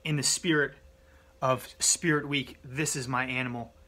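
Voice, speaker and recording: A man's voice: medium pitch, steady tone, normal speed, bright, forceful tone. A man doing a brash big-cat zoo owner. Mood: boastful. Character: showy male big-cat sanctuary owner, boastful. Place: outdoors on a home property. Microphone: phone held at arm's length.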